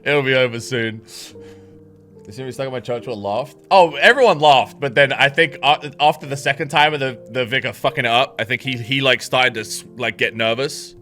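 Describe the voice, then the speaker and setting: A man's voice: medium pitch, fairly quick, hardly any pauses, bright, forceful tone. Brief: man, casual storyteller, rambling, swears often, laughs a lot, faint guitar behind. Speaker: streamer telling a story. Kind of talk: casual anecdote.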